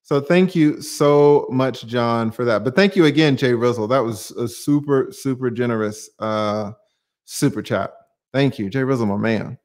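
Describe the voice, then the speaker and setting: A man's voice: mid-range voice, unhurried, a little mellow. A man hosting a livestream, talking emphatically to viewers, firing off rhetorical questions and casual swearing while he answers their comments.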